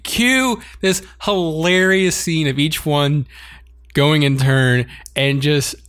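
A man's voice: on the high side, slow, fairly bright tone, clean tone, no echo, clean studio sound. A man co-hosting a casual chat, animatedly recapping an anime episode and laughing often as he reads out scenes. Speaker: podcast co-host.

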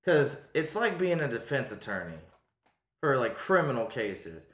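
A man of middle pitch talks in a crude, rambling, joking way during a casual chat among friends. The room rings with echo around him. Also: big pitch swings, measured pace. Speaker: podcast co-host.

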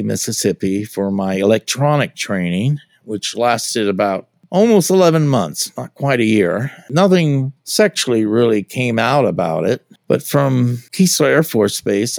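A man's voice: lowish voice, vocal fry, darkish tone, dry recording. An older man telling a rambling story about his time in military service, with frequent fillers and restarts. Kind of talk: casual spoken memoir.

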